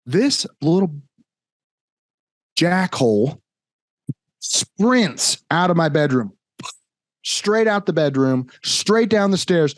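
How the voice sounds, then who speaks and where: A man's voice: on the high side, takes it slowly, pauses often, dry recording. A young man co-hosting a podcast, telling a long story in casual chat and acting out what people said. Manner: animated storytelling, acts out quotes. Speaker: podcast co-host.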